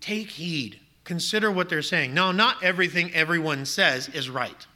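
A man with a high, keen voice delivers a sermon from the pulpit. He presses his point with rhetorical questions and emphatic repetition. His tone is sharp and cutting. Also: normal speed. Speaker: pastor.

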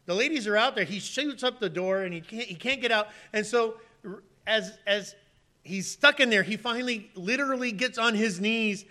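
A male pastor preaches in a high, bright voice. He tells stories with animated energy and breaks into loud, pleading acted-out lines before dropping back to a soft, confiding tone. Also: moderate pace. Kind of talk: sermon.

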